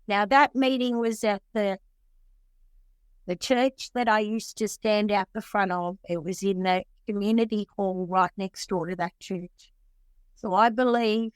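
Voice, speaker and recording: A middle-aged woman from Australia sharing her recovery story at a meeting, earnest and rambling with halting restarts. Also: medium pitch, clean tone, dry recording. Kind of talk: personal testimony at a recovery meeting.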